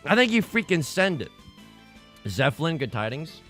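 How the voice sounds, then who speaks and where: A young man casually chatting and commenting while streaming online mahjong, excitable and self-mocking, laughing often and jumping from loud outbursts to mumbled asides. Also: a little high, moderate pace, faint music behind. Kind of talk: casual livestream chat and commentary.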